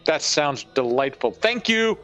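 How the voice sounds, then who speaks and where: A man's voice: on the high side, expressive, measured pace, fairly bright tone, soft background music. A man playing a tabletop game, speaking in character with flowery, theatrical diplomat talk. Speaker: player. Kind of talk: in-character role-play.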